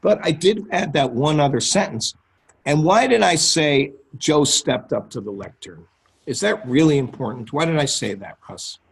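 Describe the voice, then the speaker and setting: A man's voice: fairly high pitch, lively intonation, normal speed, gravelly, husky. A man teaching copywriting on a group call, talking conversationally and often checking in with his listeners. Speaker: copywriting coach. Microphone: call audio.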